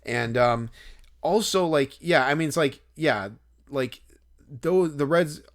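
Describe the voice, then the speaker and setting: Slow and fairly high-pitched, a male podcast co-host rambles through a story during a casual conversation. He hesitates often, leaning on fillers and restarting his sentences.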